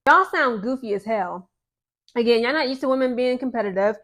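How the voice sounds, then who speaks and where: A woman sports vlogger speaks straight to her viewers in a quick, rapid-fire rant. Her voice sits a little high, and she sounds sarcastic and exasperated throughout. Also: expressive, fairly bright tone. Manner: mocks others in put-on voices. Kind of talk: casual ranting commentary.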